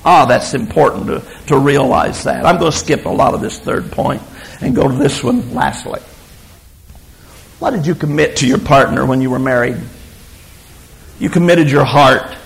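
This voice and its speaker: A man preaching a sermon, emphatic and storytelling, swinging between loud declarations and hushed asides. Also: mid-range voice, expressive, normal speed, vocal fry, long pauses, poor audio.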